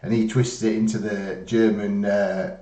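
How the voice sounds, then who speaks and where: A man's voice: fairly low pitch, level tone, measured pace, warm tone, recorded from a distance. A man hosting his reaction channel, chatting in a rambling, laid-back way. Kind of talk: casual chat. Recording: roomy, off-mic.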